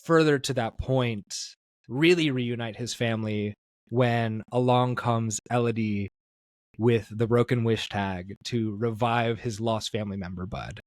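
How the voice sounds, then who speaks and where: A man's voice: medium pitch, steady tone, a little slow, dry recording. Rambling podcast host man, dry sound. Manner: rambling, filler-heavy, self-correcting. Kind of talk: casual podcast interview.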